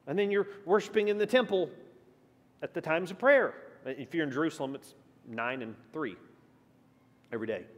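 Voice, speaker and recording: A man's voice: fairly high pitch, normal speed, long pauses, long reverb tail, highs cut off. A man teaching a church class in a conversational way, asking the group questions and shifting his emphasis often. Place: church meeting room.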